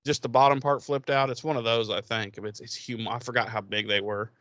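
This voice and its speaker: A man co-hosts a podcast, casually recapping an episode with rambling, profanity, frequent laughter, and voiced character lines. He talks fairly quickly in a medium-pitched, fairly bright voice with fairly even intonation, on a dry, lo-fi recording.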